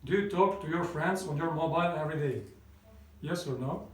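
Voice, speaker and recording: High-voiced man drilling English. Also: far from the mic. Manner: repeats each question twice, slow and clear, then prompts answers. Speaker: English teacher. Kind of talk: drilled question-and-answer language lesson. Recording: roomy classroom sound from away from the mic.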